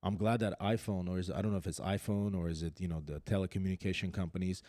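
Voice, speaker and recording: A man's voice: deep voice, fairly even intonation, quick pace, mellow, no room sound, studio quality. A man hosting a podcast, chatting casually and running through news items with frequent fillers and restarts. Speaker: podcast host.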